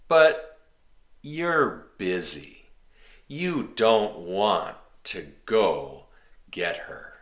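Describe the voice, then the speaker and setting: A man teaching an English lesson slowly and clearly, rephrasing each example in simple words. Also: on the low side, very animated. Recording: roomy echo.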